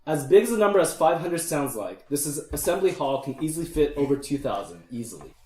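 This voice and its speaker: A man narrating as the game master of a tabletop campaign, his voice slightly high for a man. He speaks in a relaxed, chatty way and laughs easily with his players. The room is echoey. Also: fairly quick.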